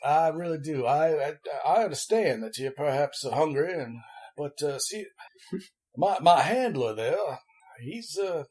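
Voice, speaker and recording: A man playing a wordy, evasive Southern gentleman lawyer, flowery and polite, halting with many restarts. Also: fairly high pitch, animated. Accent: American Southern. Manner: florid, overly polite.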